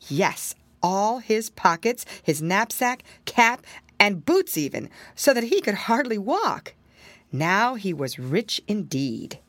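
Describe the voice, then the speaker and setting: A woman reading a fairy tale aloud, expressive storytelling with dramatic exclamations. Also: medium pitch, dry recording.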